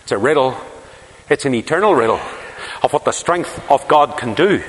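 Emphatic preacher in a hall. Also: male voice, mid-range voice, animated, moderate pace. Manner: storytelling, emphatic, rhetorical questions. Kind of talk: sermon. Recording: long reverb of a large hall.

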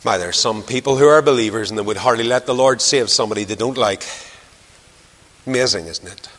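A man preaching a sermon, animated, pressing rhetorical questions and swinging between loud and quiet. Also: lowish voice, brisk, big-room sound.

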